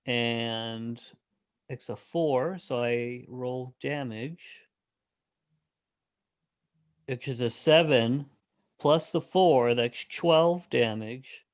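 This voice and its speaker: A player at a tabletop game who walks through the rules step by step in a measured way. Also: medium pitch, no room sound, muffled recording. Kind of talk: casual game-table talk.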